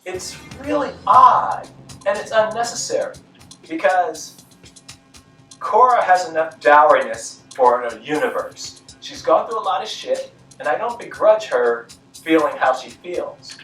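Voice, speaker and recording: Lively, critical male film reviewer. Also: on the high side, measured pace. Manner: dry, critical, mildly exasperated. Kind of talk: scripted movie review narration. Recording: echoey room, mic at a distance, faint music.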